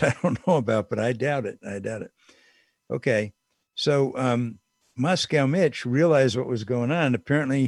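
A man's voice: medium pitch, dry recording, studio quality. An older man giving a casual, digressive political commentary monologue with emphatic asides.

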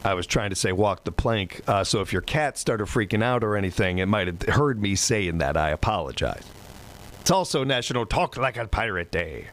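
Male country radio host, low-pitched, folksy and rambling, faint room hum behind. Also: animated, normal speed, fairly bright tone, rough recording. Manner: folksy, rambling, self-deprecating. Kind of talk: casual radio show chat.

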